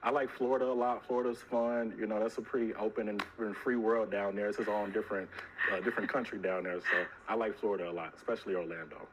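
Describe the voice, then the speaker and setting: A man's voice: fairly low pitch, fairly even intonation, fast, noisy background. A young man from Chicago, a stand-up comedian, chatting loosely and joking at his own expense in a TV studio. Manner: loose, joking, self-mocking, repeats "okay?". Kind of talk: casual TV interview and stand-up set.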